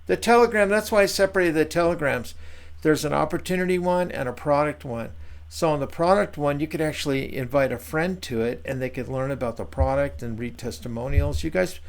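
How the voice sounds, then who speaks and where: A man with a raised, gravelly voice talks a group through a training session over a video call. He sounds encouraging and chatty, filling his sentences with small asides. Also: on the high side, fairly quick. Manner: encouraging, chatty, many fillers. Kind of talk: casual coaching on a video call.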